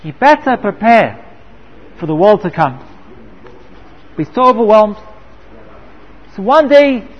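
High-voiced man giving a Torah lecture. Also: husky. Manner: rhetorical questions, storytelling. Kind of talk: sermon-style Torah lecture with a parable. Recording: echoey hall, dull lo-fi sound.

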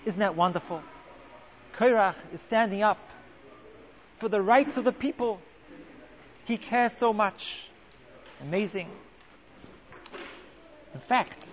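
High-voiced man teaching a Torah class. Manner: sarcastic, with rhetorical questions. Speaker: rabbi teaching the weekly Torah portion. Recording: muffled lo-fi recording with faint hiss.

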